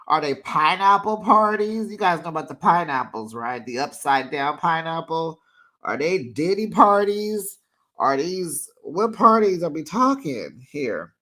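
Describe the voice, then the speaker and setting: A host recapping a reality show in a casual, chatty way, with playful shade and lively asides. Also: mid-range voice, measured pace. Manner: animated, chatty, playfully shady.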